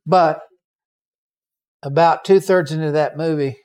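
A man preaching a sermon, telling a story with animated acted-out voices and shouts. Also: on the high side, measured pace.

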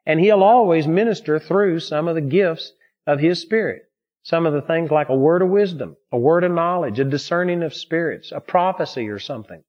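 A man preaching a sermon, telling personal stories in an earnest, steady way. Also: a little high, normal speed. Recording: dull lo-fi recording.

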